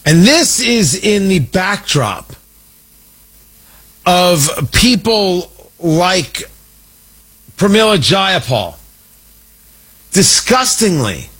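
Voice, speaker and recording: Husky, indignant male commentator. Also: high voice, very animated, drawn-out words, long pauses, fairly bright tone, low-quality recording. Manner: indignant, emphatic, mocking asides. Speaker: talk show host. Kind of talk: opinionated political commentary.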